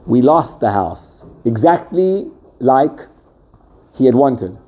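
A man heading a yeshiva and teaching a Torah class to students, telling stories in an animated, conversational way. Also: medium pitch, slow. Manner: animated, conversational, acts out the voices in his stories.

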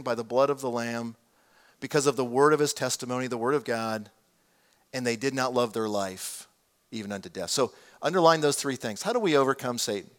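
A man, preaching a sermon to his congregation in an animated, conversational way with many asides. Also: mid-range voice. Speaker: pastor.

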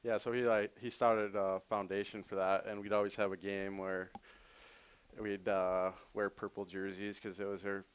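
Smooth-voiced man telling hockey stories. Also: on the low side, little pitch movement, normal speed. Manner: laughs while telling stories. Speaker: professional hockey player guest. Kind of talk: casual interview chat.

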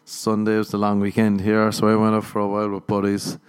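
A man's voice: fairly low pitch, completely flat delivery, fairly quick, clear, resonant tone. A man hosting a comedy podcast, telling rambling stories in a dry manner and laughing at his own jokes.

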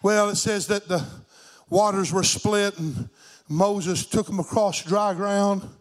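A man's voice: high voice, steady tone, slow. A man voicing an earnest, cheeky little schoolboy in a sermon story.

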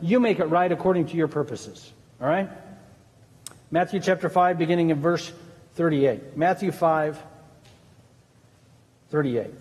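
High-voiced man preaching in a reverberant hall. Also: a little slow, pauses often, a little mellow. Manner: earnest, conversational preaching with asides. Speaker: pastor. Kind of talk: sermon.

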